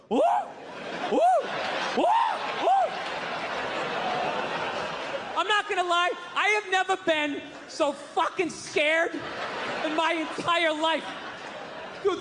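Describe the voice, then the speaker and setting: A man doing a stand-up set, telling a profane, animated story and mimicking panicked noises. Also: extremely high pitch, a little hiss or hum. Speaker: stand-up comedian. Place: comedy club stage. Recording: live club with loud crowd laughter.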